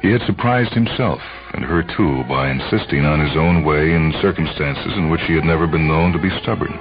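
A man narrating a story in a measured, brooding way. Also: extremely low pitch. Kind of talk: dramatic audiobook narration. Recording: muffled lo-fi recording, faint music.

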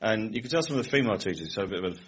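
A man guest on a chat show, telling rambling anecdotes with frequent laughter and quick impressions of people. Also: fairly low pitch, expressive, husky, dull audio. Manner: rambling, laughs often, mimics people in stories. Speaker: comedian guest.

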